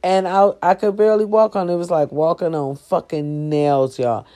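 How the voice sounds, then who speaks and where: A woman in pain, sitting on her bed and spinning a profane, animated story for her viewers. She talks to them directly, swearing freely and keeping the telling lively. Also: lowish voice, normal speed. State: sore, in pain. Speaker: vlogger. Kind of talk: casual storytelling vlog.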